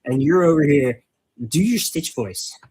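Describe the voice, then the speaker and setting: A man's voice: a little high, animated, a little slow, a little mellow, husky, low-quality recording. A man hosting a casual hobby stream while painting miniatures, rambling and wordy, making fun of himself. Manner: wordy, rambling, self-mocking. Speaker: host.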